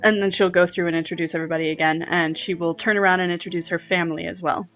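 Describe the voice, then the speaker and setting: A woman's voice: lowish voice, fairly even intonation, fast talker, a bit bright, highs cut off, soft background music. Woman chatting as a tabletop player. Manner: chatty, laughs often. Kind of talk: casual tabletop game chat.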